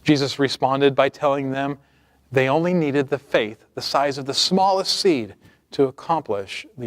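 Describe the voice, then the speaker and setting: Man preaching a measured sermon. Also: medium pitch, dry recording, studio quality. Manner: measured preaching, reading scripture aloud. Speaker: pastor.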